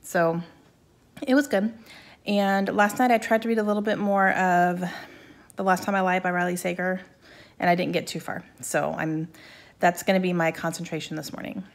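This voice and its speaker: A book vlogger in her thirties chats casually in a reading vlog at home, upbeat and laughing often while talking around a mint in her mouth. Her voice sits on the low side, with fairly even intonation and a normal pace.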